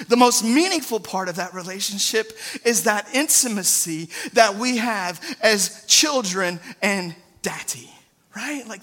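Young dad pastor preaching, pretty high voice, keeps asking "right?", earnest and chatty. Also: male voice, pushed and bright. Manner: earnest, conversational preaching with frequent "right?" asides. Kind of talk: sermon.

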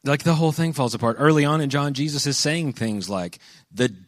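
A man's voice: fairly high pitch, a little fast, dry recording, clean studio sound. A man giving a casual, conversational sermon, telling stories animatedly and acting out quoted lines. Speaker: preacher. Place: venue with a live audience.

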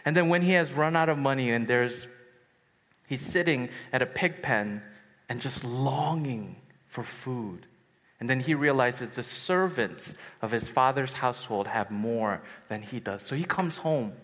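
Animated man preaching in an echoey hall. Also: medium pitch, unhurried. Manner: animated storytelling, acts out voices. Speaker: youth retreat speaker. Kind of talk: sermon. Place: large hall at a retreat.

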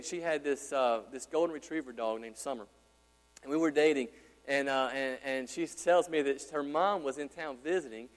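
A male pastor preaching a sermon in a church, talking conversationally and asking his congregation questions. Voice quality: deep. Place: church sanctuary. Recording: hall reverb with mains hum.

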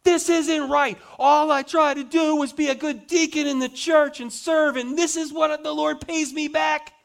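A man's voice: fairly even intonation, unhurried, vocal fry, heavily acted. A man putting on a whining, self-pitying man who protests to God that his treatment is unfair. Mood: whiny. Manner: high strained protesting voice.

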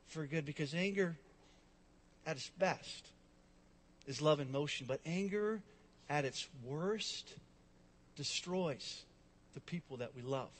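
A man preaching a sermon with dynamic delivery, rising to loud emphasis and dropping to soft, hushed lines. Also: sits high, in a large hall. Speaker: pastor.

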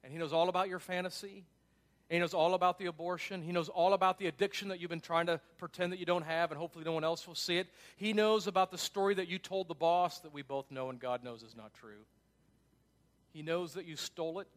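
A male pastor preaching a sermon in a conversational way, dropping to hushed tones and then rising to emphatic urgency. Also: high-pitched, steady tone, fast talker. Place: church.

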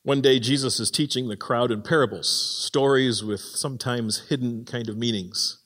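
A man preaching a sermon in a church, animated and acting out the voices he quotes. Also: mid-range voice, moderate pace. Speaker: pastor. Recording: long hall reverb.

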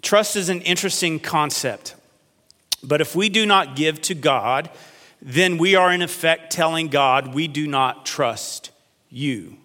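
A pastor delivering a sermon, earnest, slowing down to stretch key phrases. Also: male voice, fairly high pitch, bright, forceful tone. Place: church sanctuary. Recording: long hall reverb.

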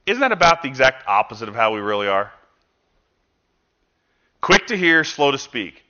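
A man preaches a sermon in a bright, forceful voice. He talks to his listeners in a conversational way, asks them rhetorical questions and acts out quoted speech with sudden bursts of loudness. The recording sounds dull and lo-fi. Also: medium pitch, sing-song, moderate pace, pauses often. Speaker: pastor.

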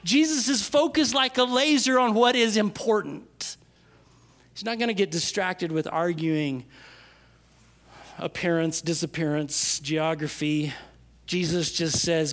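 High-voiced man preaching emphatically. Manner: emphatic, drawn-out stresses on key phrases; swings from loud to hushed. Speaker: pastor. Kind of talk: sermon.

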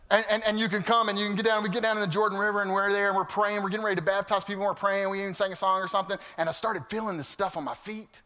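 A man preaching a sermon to his congregation, animated and storytelling, swinging from loud to hushed. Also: sits high. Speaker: pastor. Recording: long hall reverb.

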